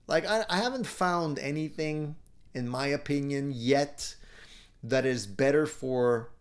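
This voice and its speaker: A middle-aged man hosting a live stream, reading viewer comments aloud and answering them in an upbeat, encouraging way, chuckling often. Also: mid-range voice. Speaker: live show host.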